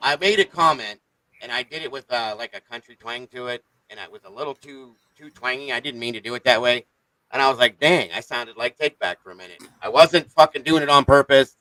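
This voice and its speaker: A man's voice: medium pitch, brisk, fairly bright tone, no echo, rough recording. Blunt, profane man hosting a livestream. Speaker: livestream host. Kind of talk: casual livestream chat.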